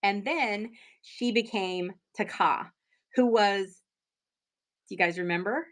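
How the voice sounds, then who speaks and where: A woman's voice: mid-range voice, slow pace. Chatty woman selling on a live stream. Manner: chatty, excitable, many fillers. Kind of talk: casual live-stream chat.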